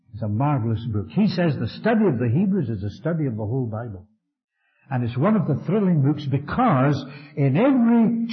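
A man preaching with fervent emphasis, his voice sitting a little high and swinging widely as he builds and drops each phrase. The recording is dull and lo-fi, with a muffled top end. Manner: fervent, emphatic preaching with rising and falling delivery. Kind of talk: sermon.

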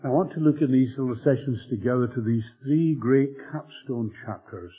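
A man preaching a Bible-teaching sermon in a measured, emphatic way, often clearing his throat. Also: mid-range voice. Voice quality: husky. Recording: old tinny phone-like tape with faint music.

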